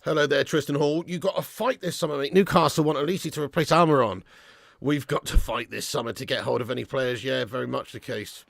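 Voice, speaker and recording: A man hosting a live football watch-along, reading viewers' messages and ranting with lots of swearing, loud one moment and low and glum the next. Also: steady tone, fairly quick, creaky, no echo, studio quality. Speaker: YouTube fan channel host.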